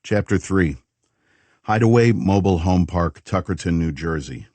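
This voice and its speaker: A man reading a thriller audiobook in calm, measured narration. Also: deep voice, dry recording. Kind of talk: scripted narration.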